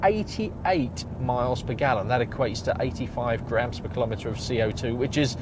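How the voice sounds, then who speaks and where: A man's voice: mid-range voice, normal speed. A man presenting a car review, chatty and enthusiastic with wry asides, recorded inside a car. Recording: audible road and traffic noise behind.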